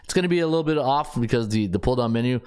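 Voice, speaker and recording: A man's voice: medium pitch, expressive, very fast, darkish tone, clear, resonant tone. A man hosting a sports betting podcast, thinking aloud as he checks stats, with frequent restarts and filler words. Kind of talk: casual solo analysis.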